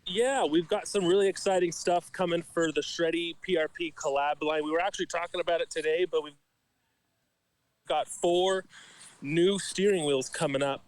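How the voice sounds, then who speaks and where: A man's voice: fairly high pitch, fairly even intonation, moderate pace, dry recording, rough recording. A man joining a casual chat remotely as a sponsor's representative, upbeat and plain-spoken. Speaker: sponsor rep on video call.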